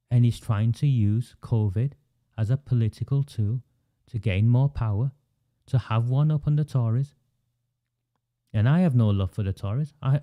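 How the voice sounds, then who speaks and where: Speaking with a Northern English accent, a livestream host launches into an impassioned monologue, indignant, emphatic and repetitive. He has a mid-range, warm voice.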